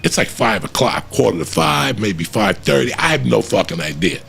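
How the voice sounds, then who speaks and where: A middle-aged man telling a profane, animated story in a casual way and acting out the voices of the people in it. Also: fairly low pitch, moderate pace, gravelly. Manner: profane, animated, acts out voices in his stories. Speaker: comedian storyteller.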